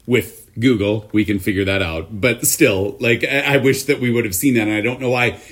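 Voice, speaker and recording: A man's voice: mid-range voice, normal speed, a bit bright. Podcast co-host, man with a mid-range voice, easygoing, repeats words, laughs a lot. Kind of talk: casual movie review chat.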